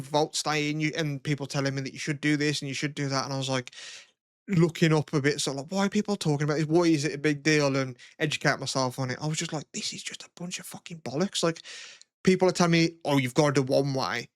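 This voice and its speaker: Chatty young man, fairly high voice. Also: fast, dry recording, clean studio sound. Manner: rambling, swears a lot, animated retelling. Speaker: podcast co-host. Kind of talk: casual chat.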